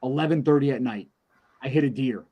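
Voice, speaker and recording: A man's voice: medium pitch, fairly quick, lo-fi sound. A man on a podcast telling a long personal story in casual chat, acting out the voices in it and swearing freely. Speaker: podcast co-host.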